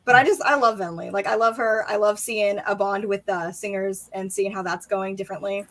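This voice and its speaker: A young woman co-hosting a casual live book discussion, excitable and profane, acting out quotes from the books. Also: medium pitch, a little fast, poor audio. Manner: excited, swears a lot, acts out quotes. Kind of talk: casual live-stream chat.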